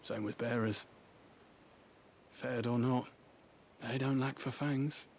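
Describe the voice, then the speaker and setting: An actor playing a weary, cynical man who buries the dead, speaking in a calm, dry, sardonic way. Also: mid-range voice, slow, slight background noise. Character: weary cynical male gravedigger in service.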